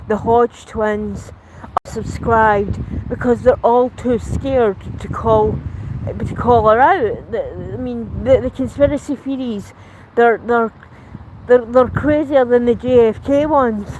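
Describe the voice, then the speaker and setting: Walking outdoors between streets and shops, a Scottish woman rambles chattily on a casual live stream, often leaving sentences unfinished. She speaks slowly in a voice on the high side, with traffic and street noise passing around her.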